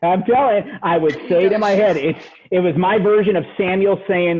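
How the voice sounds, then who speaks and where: A man giving a motivational real estate training talk over a call, animated and tacking "right?" onto his points. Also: sits high, fairly quick, hardly any pauses, slightly rough. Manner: animated, repeats "right?" after each point. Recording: tinny phone-line audio.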